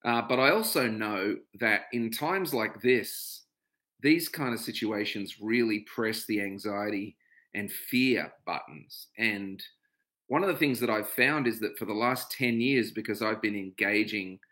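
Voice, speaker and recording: A middle-aged Aussie livestream host talks from home in an unhurried, lowish voice that is a bit bright. He greets viewers by name in a chatty way, then moves into a reflective, personal conversation about his experiences.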